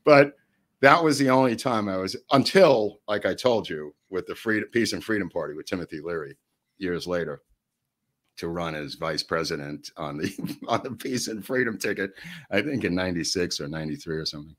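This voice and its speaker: An older man, telling rambling family stories on a podcast, laughing often and jumping his voice up high when he quotes people. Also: animated, fairly quick, fairly bright tone. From New York. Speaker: podcast co-host. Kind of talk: storytelling in casual chat.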